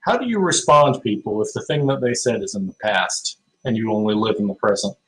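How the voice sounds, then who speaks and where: A man in a casual argument, asking measured, probing questions. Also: on the low side, rough recording.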